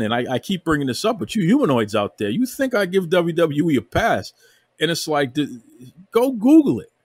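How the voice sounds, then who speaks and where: A man's voice: a little high, slightly rough, dry recording. A man hosting a wrestling podcast, ranting with heavy emphasis and calling people out by repeating himself. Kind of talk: heated podcast rant. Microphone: remote podcast recording.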